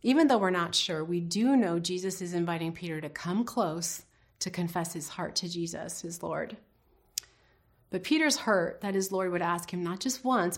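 A woman teaching a devotional Bible lesson in an earnest, reflective way, putting questions to her listeners. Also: lowish voice.

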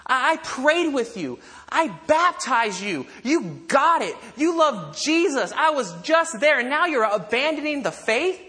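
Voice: sits high, sing-song, a little fast, hardly any pauses, a bit bright, in a large hall, pitched above the performer's own voice. A preacher acting out an indignant apostle. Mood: exasperated. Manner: exclaiming, raised and emphatic. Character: indignant male apostle scolding his flock.

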